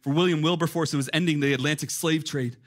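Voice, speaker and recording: High-voiced, animated male pastor preaching. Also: fast talker. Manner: animated, conversational, many filler "like"s, rising to near shouts. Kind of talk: sermon.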